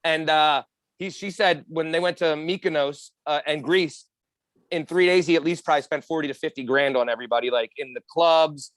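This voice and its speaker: A man's voice: on the high side, a little fast, no room sound. A man on a podcast telling a story in casual, profane chat, acting out the people he quotes. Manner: animated storyteller, acts out quotes. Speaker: podcast co-host.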